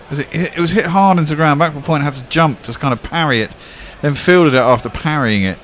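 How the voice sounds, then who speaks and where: A man giving ball-by-ball cricket commentary who chats easily between balls and lifts sharply when the play turns exciting. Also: a little high, fast, hardly any pauses, slight background noise. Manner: excitable bursts on big shots, relaxed chat between balls.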